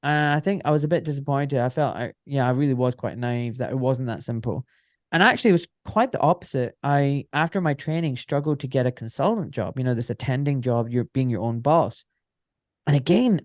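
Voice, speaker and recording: A middle-aged man, a surgeon telling candid stories as a podcast guest, blunt and animated, with some swearing. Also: medium pitch, a little fast, no room sound, clean studio sound. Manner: animated, blunt, swears, acts out quoted voices. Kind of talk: candid conversational storytelling.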